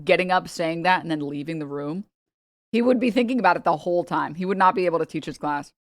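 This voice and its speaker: A woman's voice: lowish voice, fast, dry recording, studio quality. A woman streamer in casual chat, joking and teasing, laughing often.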